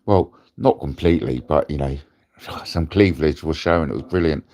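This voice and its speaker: A man's voice: a bass voice, normal speed, darkish tone. A British man hosting a rambling livestream from his bed, crude and jokey, swearing freely. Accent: British English. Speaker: host. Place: in bed at home.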